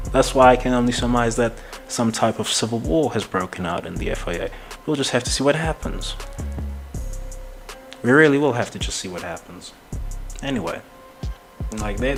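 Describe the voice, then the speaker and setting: A man's voice: mid-range voice, vocal fry. A man hosting a casual commentary show, rambling and heated, swearing often and laughing between points. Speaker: podcast host.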